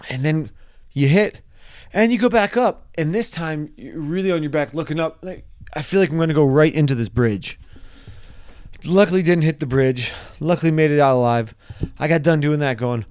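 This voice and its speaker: A young man casually telling a wild personal story, animated, sometimes acting out his own panicked screams. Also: a little high, moderate pace.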